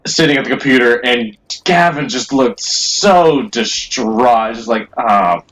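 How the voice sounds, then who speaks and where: A man's voice: mid-range voice, slow, a bit bright, low-quality recording. A young man co-hosting a casual gaming video, rambling through a school story with many fillers. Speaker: co-host.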